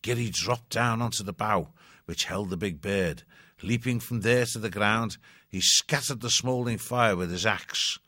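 A man reads a storybook chapter aloud as audiobook narration, measured and expressive. His fairly low voice is bright and forward, recorded close and dry with no room sound.

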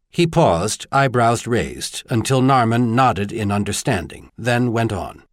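A man reading an audiobook in expressive scripted narration. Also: medium pitch, unhurried, hardly any pauses, no echo, studio quality.

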